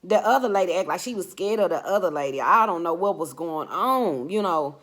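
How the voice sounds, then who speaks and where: A woman's voice: fairly low pitch, a little fast. A woman vlogger telling a personal story in casual, emphatic talk, addressing her listeners directly. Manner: emphatic, animated, talks straight to listeners.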